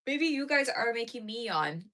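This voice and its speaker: Talking to her live chat from home, this crochet streamer sounds worn out, yawning repeatedly as she rambles along with plenty of filler words. She speaks at a normal speed in a fairly high, expressive voice with a slightly bright tone.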